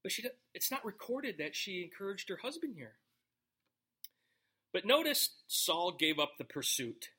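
A man with a high, bright voice leads a relaxed Bible study, reading verses and then talking them over. He jokes with the people listening in between. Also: moderate pace, slightly rough. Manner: conversational, joking asides to the congregation. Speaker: pastor. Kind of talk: casual verse-by-verse Bible teaching.

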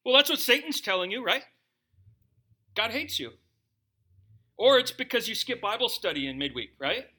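Man, pastor, sermon, joking rhetorical questions, very bright tone, high pitch. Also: moderate pace, pauses often. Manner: humorous, animated preaching with rhetorical questions.

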